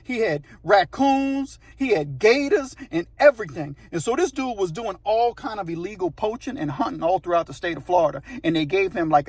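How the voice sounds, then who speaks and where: A man's voice: high-pitched, dry recording. A man telling a true story in a casual, conversational way, often checking in with the listener.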